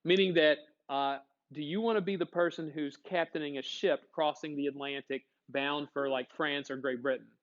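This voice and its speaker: A man's voice: a little high, fairly even intonation, normal speed, muffled recording. A man teaching a history class, talking casually and asking his students questions before answering them himself. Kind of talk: classroom lecture.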